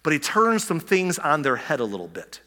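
A man preaching from a church pulpit, his voice sitting a touch high and ringing bright and forceful. He gets carried away, tripping over restarts and firing rhetorical questions at the congregation. A long reverb trails each phrase through the sanctuary. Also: huge pitch swings, moderate pace. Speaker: pastor. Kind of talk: sermon.

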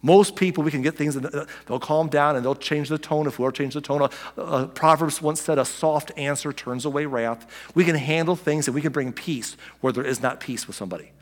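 A man's voice: on the high side, a little fast, hardly any pauses, big-room sound. A male pastor delivering a conversational sermon, full of asides, restarts and quoted voices.

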